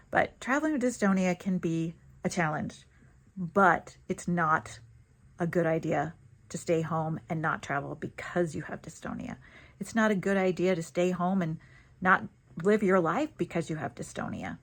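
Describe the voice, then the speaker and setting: Woman, low-pitched voice, casual chat, animated storytelling. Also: moderate pace, gravelly. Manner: chatty, animated, laughs easily. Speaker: vlogger.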